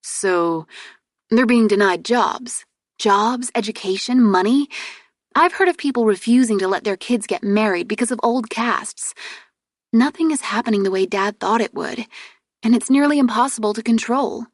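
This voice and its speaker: A woman reader voicing a proud, exasperated young princess heir in an audiobook, with sharp, indignant retorts. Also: on the high side, normal speed, no room sound, clean studio sound, pitched above the performer's own voice, close to an everyday voice. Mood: earnest.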